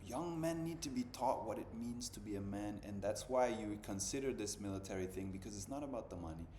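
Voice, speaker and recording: Speaking briskly with lively intonation, the thirty-something host has a dark tone and a voice on the low side. It's a casual podcast chat full of slang like "bro" and "dude," captured in an echoey room with faint ambient noise.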